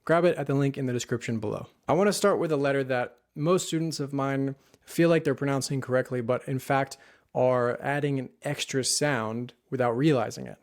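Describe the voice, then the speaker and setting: Guy from the us teaching spanish pronunciation, says words slow and careful. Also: mid-range voice. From United States. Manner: clear, careful modeling of words. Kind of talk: online language lesson.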